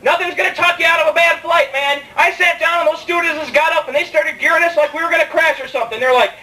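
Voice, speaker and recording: Young guy doing standup, really high bright voice, rambly and self-mocking, mic kinda far off in a club. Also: steady tone, fast. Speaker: stand-up comedian. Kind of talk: stand-up comedy set. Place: comedy club stage. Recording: distant mic in a live club, faint room ambience.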